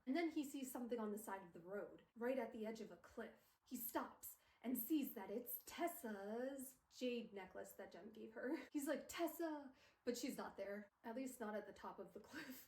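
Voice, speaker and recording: A woman's voice: a little high, normal speed, hardly any pauses, warm tone, reverberant, rough recording. A woman streamer recapping a book in casual chat, gushing and emotional, peppering her talk with "like", recorded on a phone. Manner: gushing, emotional, filler-heavy with "like". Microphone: phone camera.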